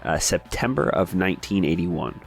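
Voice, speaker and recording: A man co-hosting a comic book podcast in casual chat, relaxed and agreeable, with short reactions. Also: deep voice, normal speed, creaky, husky, soft background music. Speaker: podcast co-host.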